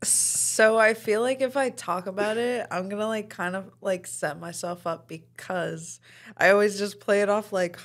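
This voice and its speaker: A woman's voice: medium pitch, steady tone, moderate pace, a little hiss or hum. A woman who works as a concert photographer, chatting casually and dryly as a podcast guest. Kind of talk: casual chat.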